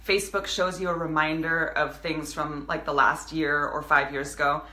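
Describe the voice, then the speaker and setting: A woman's voice: low-pitched, level tone, normal speed, sharp tone, reverberant. A woman in her thirties, a business coach speaking earnestly to her viewers in a live video, with many restarts. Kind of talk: casual motivational live video.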